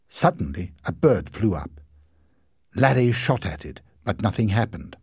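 A man narrating a storybook in an expressive, lively reading. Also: fairly low pitch, measured pace, breathy edge, no room sound, clean studio sound.

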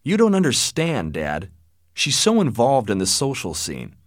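A man's voice: mid-range voice, wildly swooping pitch, a little slow, no room sound. A man voicing an earnest young man pleading with his father, in a dry-sounding storybook reading. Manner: earnest, plaintive.

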